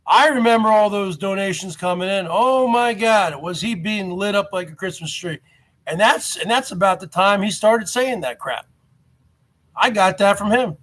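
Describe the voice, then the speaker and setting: A man with a high, bright voice rants in a mocking tone to his viewers. He talks slowly and loudly, hammering the same phrases over and over as he addresses the audience directly. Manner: mocking, loud and repetitive, often addresses "folks". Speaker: YouTube show host. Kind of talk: ranting commentary to viewers.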